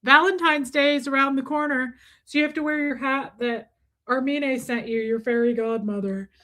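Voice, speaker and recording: A woman hosts a casual livestream, chatting away and gushing thanks to her viewers. Her voice is bright and forceful, sitting a little high. She talks in a loose, effusive flow. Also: fairly even intonation, normal speed. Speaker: livestream host.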